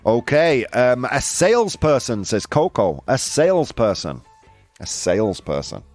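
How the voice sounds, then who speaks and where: A man with a lively, bouncing voice hosts a quiz game with his viewers. He reads out their answers, teases and laughs as he goes. Faint music plays quietly under him. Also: mid-range voice, measured pace. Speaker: host. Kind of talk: live-stream game show with chat.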